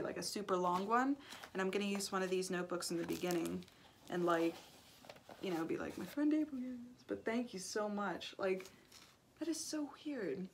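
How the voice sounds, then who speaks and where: A young woman chatting casually as she opens fan mail, gushing and excited, with lots of "like"s and happy exclamations. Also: lowish voice, slight background noise. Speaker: YouTuber opening fan mail. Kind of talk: casual chat. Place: indoor studio. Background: paper crinkling and clicks.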